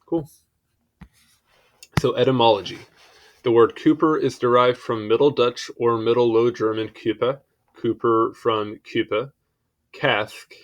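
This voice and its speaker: A man's voice: medium pitch, steady tone, a little slow, pauses often, highs cut off. A young man casually reading an encyclopedia article aloud, stumbling over foreign words and adding apologetic asides.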